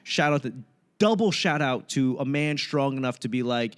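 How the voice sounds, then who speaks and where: A man in his late thirties, a stand-up comedian hosting a casual podcast chat, who talks in an animated way, laughs often and acts out the lines he quotes. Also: mid-range voice, moderate pace. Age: late 30s.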